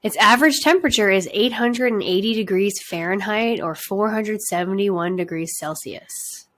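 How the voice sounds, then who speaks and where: A woman's voice: mid-range voice, normal speed, fairly bright tone. A woman hosting a casual family podcast and reading out trivia questions in an upbeat, playful way. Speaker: podcast host.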